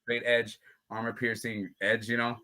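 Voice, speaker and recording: Laughing often as he talks, a bare-knuckle fighter tells stories casually in an interview. His medium-pitched delivery is flat and forceful with a bright edge, at a normal speed.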